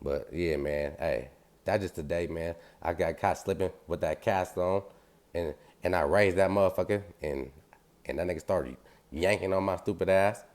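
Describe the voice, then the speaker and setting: A deep-voiced man recounts a story in loose, slangy street talk. He is animated and acts out the sounds as he goes, and his low voice carries the whole tale. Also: moderate pace.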